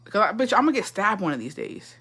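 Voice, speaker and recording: A young woman from Texas telling family stories in a casual chat, animated and profane, acting out what people said. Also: medium pitch, quick pace, slightly rough. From Texas, USA. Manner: profane, animated, gossipy, acts out quotes. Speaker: storyteller.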